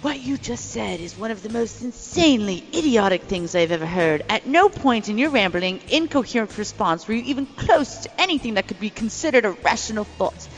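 A woman's voice: medium pitch, animated, fairly quick, few pauses, faint music behind, close to an everyday voice. Brief: woman as sneering British judge, stiff delivery, echoey hall. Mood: scornful. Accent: put-on British.

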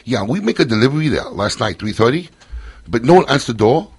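A man's voice: medium pitch, big pitch swings, fast, husky, no room sound. Man putting on a pushy Chinese takeout owner. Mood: insistent. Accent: put-on Chinese-accented English. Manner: broken English, pushy about payment. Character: male Chinese takeout owner on a prank call. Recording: phone call.

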